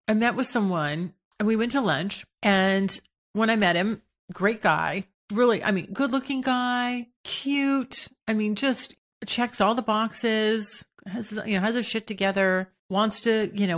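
A woman's voice: medium pitch, fairly bright tone. A woman hosting her own podcast, talking frankly and casually in a solo monologue, with frequent restarts and casual swearing. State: hiccuping. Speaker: podcast host.

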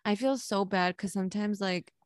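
A woman's voice: mid-range voice, normal speed, no room sound. A young woman co-hosting a podcast in casual chat, candid and laughing, swearing freely and slipping into Spanish phrases. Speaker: podcast co-host.

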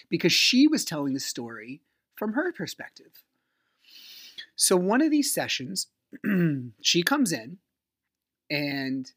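A man's voice: a little high, no echo, clean studio sound. A man hosting a podcast, telling a personal story in a blunt, emphatic way, acting out past arguments with feeling. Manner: emphatic, animated retelling of arguments; blunt, swears freely. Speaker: podcast host.

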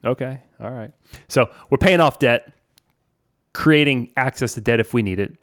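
A man's voice: medium pitch, normal speed, fairly bright tone, no echo, studio quality. A man in his forties, a podcast host from New Orleans, giving casual money advice in a chatty way, often saying "man" and "right?". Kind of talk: casual financial advice talk.

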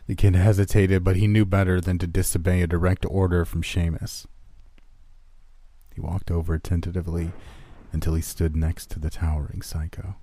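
A man reading a first-person horror story aloud in a low, steady, grim manner. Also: breathy edge, no room sound.

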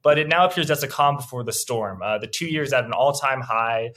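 Young male host, mid pitch, animated and quick, stammers through repeats. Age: young adult. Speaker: interview host. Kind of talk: finance interview, questioning.

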